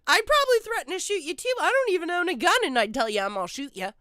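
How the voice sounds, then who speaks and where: A woman's voice: very high-pitched, big pitch swings, rapid-fire, sharp tone, no room sound. A woman streaming live, reacting to a video with blunt, profane, sarcastic commentary into a close mic.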